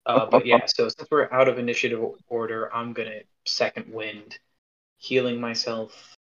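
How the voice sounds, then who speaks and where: A man playing in a tabletop game, talking in a brash, excitable way and swearing. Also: mid-range voice, normal speed, lo-fi sound. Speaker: player.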